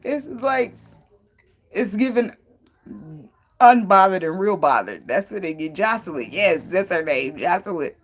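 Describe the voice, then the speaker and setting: A young woman reads tarot and hands out blunt relationship advice in a casual, profane spiritual chat, laughing often and drifting into tangents. She speaks with a fairly low pitch, very animated yet unhurried, leaving long pauses.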